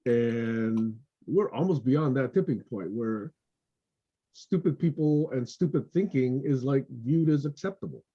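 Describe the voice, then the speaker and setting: A man's voice: mid-range voice, lively intonation, measured pace, breathy edge, highs cut off. A man speaking earnestly in a casual group video call, sharing his opinions and telling a fable. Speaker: discussion group member.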